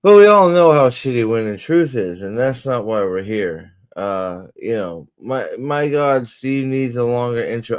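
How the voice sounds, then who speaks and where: A man's voice: medium pitch, measured pace, few pauses. A man hosting a livestream, rambling and joking with hesitant fillers. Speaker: streamer host. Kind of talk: casual livestream chat.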